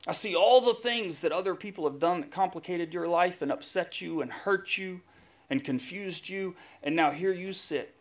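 A man's voice: high voice, normal speed. A man preaching a sermon, emphatic, often building long lists. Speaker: pastor.

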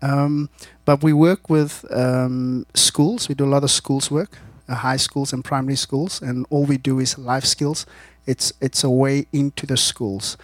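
A man's voice: medium pitch, level tone, measured pace, hardly any pauses, dry recording. A South African man, a guest missionary, casually telling stories to a church audience, laughing often and repeating words as he talks.

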